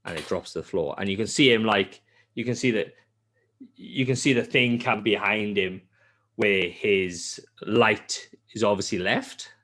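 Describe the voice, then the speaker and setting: A man hosting a podcast, telling a game's story in casual chat, swearing often and mimicking characters. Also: measured pace. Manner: animated storytelling, heavy swearing; acts out character lines in a high voice. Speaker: podcast host.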